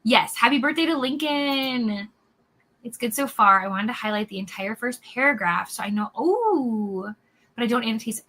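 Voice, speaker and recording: A woman hosting a casual livestream, chatty and upbeat, reading out comments, a little hoarse from losing her voice. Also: on the high side, fairly bright tone. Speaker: livestream host.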